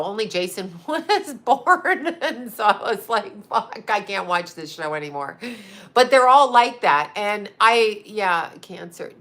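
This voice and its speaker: A woman's voice: mid-range voice, fairly bright tone. A middle-aged woman, a psychic medium, talking in a loose, rambling way, swearing often and repeating herself for emphasis. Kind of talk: casual rambling monologue.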